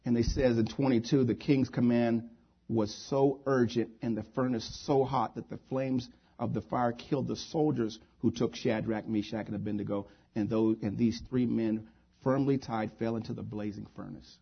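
Husky-voiced preacher man, emphatic. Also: mid-range voice, steady tone, moderate pace. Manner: emphatic preaching with repeated phrases. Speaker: pastor. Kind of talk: sermon. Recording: dull lo-fi recording.

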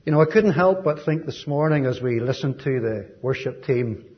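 An Irish man giving a sermon as a visiting preacher, gentle and folksy, with frequent ums and asides. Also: medium pitch, animated, moderate pace, highs cut off. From Ireland.

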